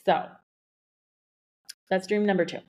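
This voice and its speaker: A woman's voice: medium pitch, measured pace. Breathless, gushing woman podcast host. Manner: excited, gushing, lots of "like" fillers. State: a bit out of breath. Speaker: podcast host, beauty industry coach. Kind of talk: solo podcast monologue. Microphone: podcast microphone.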